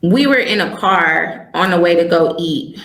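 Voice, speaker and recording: A woman's voice: lowish voice, a little slow, a bit bright. A young woman telling a personal story as an interview guest, rambling and candid. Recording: roomy echoey recording.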